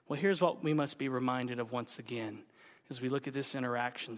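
A man preaching a sermon, with playful joking asides and lively emphasis. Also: a little high, long reverb tail. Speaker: pastor.

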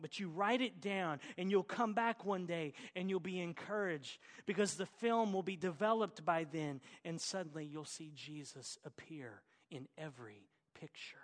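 A middle-aged pastor from Oklahoma, with an Oklahoma accent and a voice on the high side, preaches a sermon earnestly and exhortingly, adding folksy asides. A long reverb tail trails his words.

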